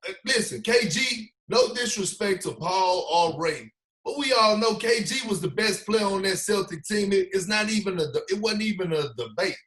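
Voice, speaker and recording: He's a podcast guest who used to play basketball, talking at normal speed in a high voice. His casual storytelling is slangy and lively, and he performs other people's lines.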